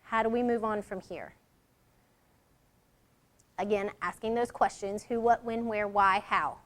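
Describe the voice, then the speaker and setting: A woman's voice: mid-range voice, steady tone, a little slow. A middle-aged woman leading a workshop, talking in a conversational way and acting out example lines in different tones. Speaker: workshop leader. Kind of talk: workshop presentation.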